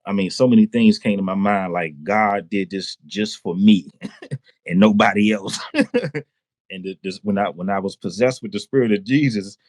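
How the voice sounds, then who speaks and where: A man giving a personal testimony in casual, slangy speech, excited, often repeating himself and laughing. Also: lowish voice, moderate pace, no room sound. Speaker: testimony guest.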